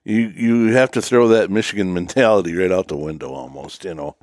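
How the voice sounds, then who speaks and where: Low-voiced rambling hunter. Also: male voice, a little fast, darkish tone, no echo, studio quality. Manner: rambling, filler-heavy, says "you know" constantly. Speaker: podcast guest. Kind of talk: casual hunting chat.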